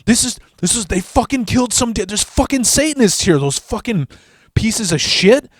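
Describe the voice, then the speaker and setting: A man's voice: high voice, normal speed, slightly rough, dry recording, voice pushed up. A man voicing his panicky, foul-mouthed teenage friend, who stammers and swears frantically. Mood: panicked.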